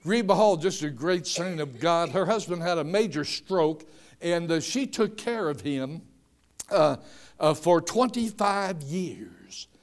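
An older man preaching a sermon, telling homespun stories and rising from quiet asides to shouted emphasis. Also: on the high side, lively intonation, slow. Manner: storytelling, swings from soft asides to shouted emphasis.

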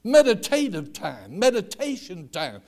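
An older man preaching a sermon, telling homespun stories and rising from quiet asides to shouted emphasis. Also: high-pitched, huge pitch swings, a little slow. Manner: storytelling, swings from soft asides to shouted emphasis.

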